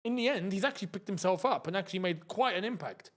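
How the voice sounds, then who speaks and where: A young man hosting a live football watchalong, reacting to the match with chatty asides and excited outbursts. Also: high voice, fast talker. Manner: excitable, shouts and laughs at chances, chatty asides.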